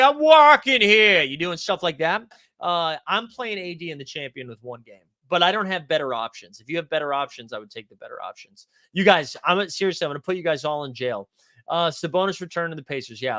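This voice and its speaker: A man fires off quick, profane takes as he hosts a live stream and answers viewer questions. His voice sits a little high for a man. The recording is dry and close, with no room echo. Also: fairly bright tone. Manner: fast-talking, says so himself; loose and profane, hedging picks aloud. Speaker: fantasy sports streamer host.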